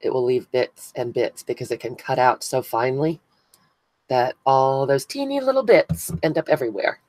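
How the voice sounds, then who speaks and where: Chatty crafter with a dry close sound. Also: female voice, a bass voice, lively intonation, moderate pace, darkish tone, dry recording, poor audio. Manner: chatty, greets viewers by name, thinks aloud while working. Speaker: craft channel host. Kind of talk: casual live-stream chat while crafting. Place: indoors at a crafting table.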